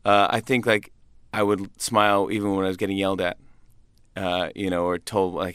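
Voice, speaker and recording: A man's voice: deep voice, little pitch movement, moderate pace, a bit bright, smooth, dry recording, studio quality. A man, a comedian guest, chatting casually in an interview, laughing often and restarting his sentences.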